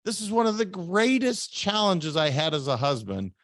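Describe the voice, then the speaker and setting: A man's voice: high-pitched, big pitch swings, normal speed, fairly bright tone, dry recording, studio quality. A man hosting a podcast interview, talking earnestly and repeating words as he thinks aloud. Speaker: podcast host. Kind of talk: conversational interview.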